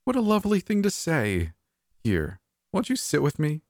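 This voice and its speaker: A man voicing an elderly female Hollywood diva with a high-pitched, hoarse voice, sweet and dramatic in a storytelling podcast. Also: wildly swooping pitch, moderate pace, no echo, studio quality, heavily acted. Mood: theatrical. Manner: dramatic, sighing, sweetly condescending.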